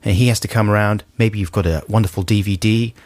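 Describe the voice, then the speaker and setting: A man's voice: fairly low pitch, fairly even intonation, fast, darkish tone, dry recording. A man co-hosting a radio show, chatting casually in a rambling, jokey way that often breaks off mid-sentence. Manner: rambling, jokey, self-interrupting. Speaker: radio co-host. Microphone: studio microphone.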